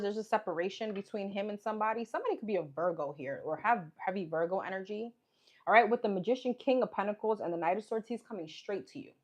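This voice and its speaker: A woman talks through a tarot reading in a loose, musing way, speaking her thoughts aloud and circling back with "okay" as each card comes up. Her voice sits at an ordinary middle pitch for a woman. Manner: chatty, musing, repeats "okay" and "what's coming up" while pulling cards. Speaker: tarot reader.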